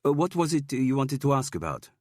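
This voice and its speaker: A man's voice: medium pitch, big pitch swings, brisk, darkish tone, no room sound, clean studio sound, voice pushed up. A man voicing an offhand young woman student with a slight Spanish accent, talking casually with lots of "like".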